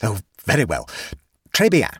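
A man's voice: fairly high pitch, huge pitch swings, fairly quick, slightly rough, no room sound, studio quality, heavily acted. A man voicing a prim, flustered middle-aged lady in a storybook reading, talking stiffly and with growing exasperation. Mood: exasperated. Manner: reluctant, stiff, increasingly exasperated.

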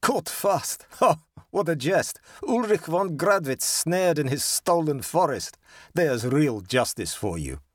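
A man's voice: mid-range voice, animated, normal speed, no room sound, studio quality, pitched above the performer's own voice, close to an everyday voice. A man voicing a trapped nobleman who snarls and mocks his enemy, harsh and savage in tone. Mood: snarling, mocking. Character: snarling mocking nobleman trapped under a tree.

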